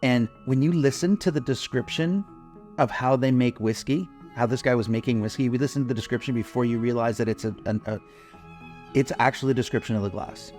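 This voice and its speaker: A man co-hosting an advertising podcast, telling a story in a lively, laughing, swearing way. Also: mid-range voice, brisk, soft background music. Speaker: podcast co-host, advertising consultant. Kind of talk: casual chat.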